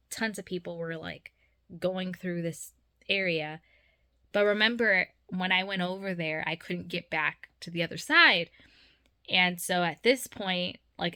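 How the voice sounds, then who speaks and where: Woman vlogging about faith and a dream, kinda low but bright punchy voice, earnest, lots of "like". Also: clear, resonant tone. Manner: earnest and heartfelt, many "like" fillers.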